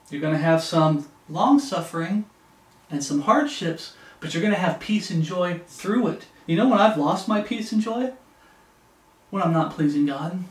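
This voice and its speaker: A man's voice: a little high, distant mic. Earnest male preacher in an echoey room. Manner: earnest, exhorting, reads scripture aloud with emphasis. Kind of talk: bible teaching sermon.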